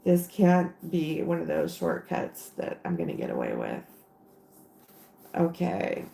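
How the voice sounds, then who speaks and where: A woman with a low, gravelly voice rambles slowly through a casual crafting livestream. She talks to herself as she works and fills gaps with ums. The recording sounds like a bare, echoing room. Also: huge pitch swings, mellow, a little hiss or hum. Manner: rambling, talks to herself while working, many fillers.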